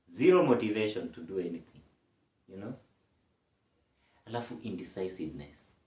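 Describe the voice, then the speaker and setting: A man's voice: on the low side, animated, moderate pace, pauses often, dark tone, distant mic. A man explaining a topic in a casual, chatty way, with jokey asides. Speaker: mental health explainer. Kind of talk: casual educational talk. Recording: roomy sound from off-mic.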